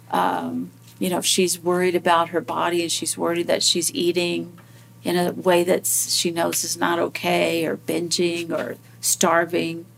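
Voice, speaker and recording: A woman hosting a conversational interview, asking gentle, reflective questions with a few fillers. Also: lowish voice, vocal fry. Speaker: podcast host.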